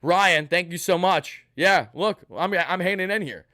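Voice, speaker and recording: Excited male stream host, slightly high, tense voice, dry mic. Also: dry recording. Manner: hyped, rapid thank-yous to donors. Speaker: sports channel host. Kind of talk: live postgame stream.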